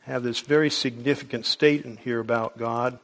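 A man preaching a sermon in a measured, explanatory way, with small restarts as he goes. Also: mid-range voice, steady tone, fairly bright tone.

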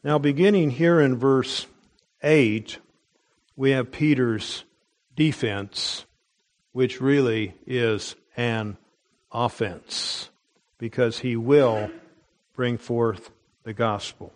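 Slow, deliberate male Bible teacher. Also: medium pitch. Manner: deliberate, with frequent pauses and restarts. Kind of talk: Bible study sermon.

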